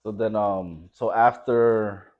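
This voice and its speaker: A man's voice: on the low side, steady tone, slow, lo-fi sound. A man hosting a casual interview, asking questions and chiming in with short, affirming remarks. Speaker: podcast host.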